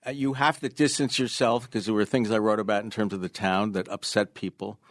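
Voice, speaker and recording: A man in his sixties with a New York accent, a touch lower-pitched than most, tells his stories as a podcast guest. He leans hard on key phrases and says them again for weight. The sound is close and dry, with no room around it. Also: steady tone, fairly quick, no echo. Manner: emphatic, repeats key phrases. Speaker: author guest. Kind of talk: casual interview storytelling.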